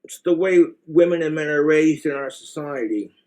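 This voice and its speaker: A man's voice: a little high, moderate pace, darkish tone. A man with an American accent giving blunt, crude, rambling relationship advice in a casual monologue to the camera.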